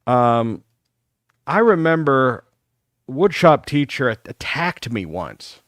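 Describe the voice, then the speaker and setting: Speaking slowly in a mid-range voice, a man in his fifties from Texas hosts a live talk show, animatedly sharing school memories with a caller. The studio sound is clean and dry.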